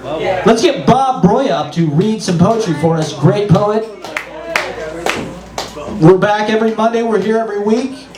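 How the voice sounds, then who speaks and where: High-voiced upbeat male emcee in a club. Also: unhurried, long pauses. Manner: upbeat, hyping acts and plugging. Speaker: open mic host. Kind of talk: emceeing a live show. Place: small club stage. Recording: roomy live club from a distance with crowd. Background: crowd.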